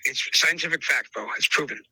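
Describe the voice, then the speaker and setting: A man's voice: fairly high pitch, fairly quick, creaky, pushed and bright, slightly rough, no echo, low-quality recording. A man talking emphatically in a casual interview, repeating himself and calling the listener brother. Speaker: podcast host interviewed as dog trainer.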